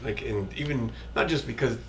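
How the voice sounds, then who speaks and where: A man's voice: medium pitch, moderate pace. A man, a comedian and war veteran, talking earnestly and a bit rambling in a casual interview. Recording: echoey, distant mic, loud background noise.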